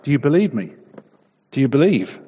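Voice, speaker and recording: A man voicing a calm, powerful male voice from heaven, measured and steady. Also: medium pitch, breathy edge, pitched above the performer's own voice. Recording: muffled echoey hall.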